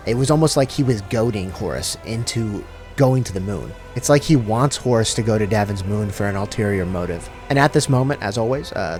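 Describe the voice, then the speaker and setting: A man casually retelling a story, with slangy, profane, joking asides. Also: lowish voice. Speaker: lore channel host. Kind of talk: casual comedic lore summary.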